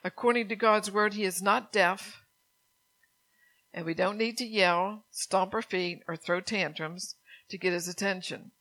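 A woman's voice: on the low side, fairly bright tone, low-quality recording. A middle-aged woman preaching a sermon in church, chatty, asking the congregation questions and laughing often.

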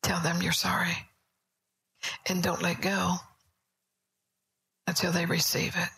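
Gravelly-voiced woman preaching softly. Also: lowish voice, completely flat delivery, slow pace, low-quality recording. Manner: conversational storytelling, soft and often whispery. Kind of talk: sermon. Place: church service.

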